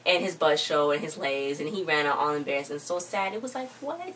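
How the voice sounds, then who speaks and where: A woman's voice: deep voice, expressive, fairly quick, a bit bright, distant mic, slight background noise. A woman chattily recapping a TV episode in a casual vlog, acting out the characters' lines as she retells them. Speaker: TV show recap vlogger.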